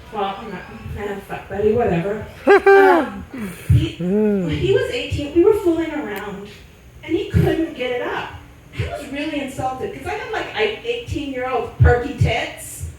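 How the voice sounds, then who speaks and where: A young woman from Sacramento performing a crude, self-deprecating stand-up comedy set. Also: high-pitched. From Sacramento, California. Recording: echoey room mic'd from a distance.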